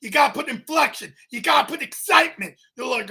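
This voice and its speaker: A man in his twenties co-hosting a comedy chat show, teasing the others and bursting into loud exclaiming. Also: very high voice, expressive, fast, creaky. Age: 20s. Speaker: co-host.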